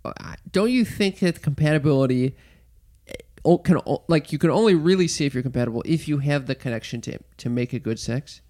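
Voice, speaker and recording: A young man co-hosting a podcast, casual and excitable, who swears and stumbles over his words. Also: a little high, fairly quick. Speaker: podcast co-host. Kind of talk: casual chat.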